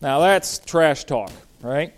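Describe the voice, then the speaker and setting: A man teaching through a Bible passage verse by verse in a conversational, animated way, with frequent fillers and restarts. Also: on the high side, takes it slowly. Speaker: pastor.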